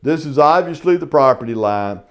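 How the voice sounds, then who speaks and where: A man's voice: a little high, animated, normal speed, smooth. A middle-aged man, teaching a casual real estate lecture in a folksy way and saying "y'all" often. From South Carolina.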